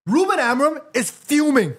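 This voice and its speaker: A young man hosting a live football watchalong, reacting excitedly to the match, pleading with the referee and swearing freely. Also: very high voice, normal speed.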